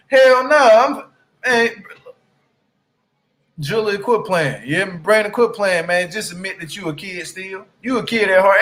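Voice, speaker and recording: High-voiced man ranting a reality recap. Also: animated, a little slow, a bit bright. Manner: blunt, profane, heated; keeps asking "you hear me?". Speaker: TV reality show recap YouTuber. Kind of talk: casual ranting commentary.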